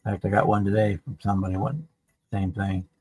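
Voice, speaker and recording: Low-voiced man explaining patiently. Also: little pitch movement, quick pace, darkish tone, breathy edge, no echo, rough recording. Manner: explains at length with restarts. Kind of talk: casual livestream chat.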